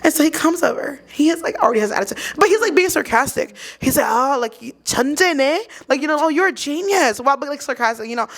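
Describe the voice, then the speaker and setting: A woman, a guest, telling a story in casual chat, animated and quoting people in lively voices. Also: high-pitched, very fast, hardly any pauses. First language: English.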